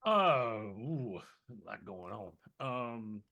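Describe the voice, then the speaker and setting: A man playing a tabletop role-playing game, thinking aloud as he works out his character's turn, with lots of halting fillers. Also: on the low side, expressive, vocal fry, sharp tone. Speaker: player. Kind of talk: casual tabletop game play.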